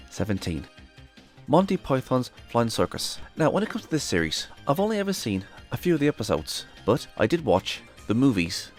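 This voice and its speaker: A young man hosting a casual video review of comedy shows, chatty and enthusiastic. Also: fairly low pitch. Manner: chatty and enthusiastic, often retelling jokes with put-on voices.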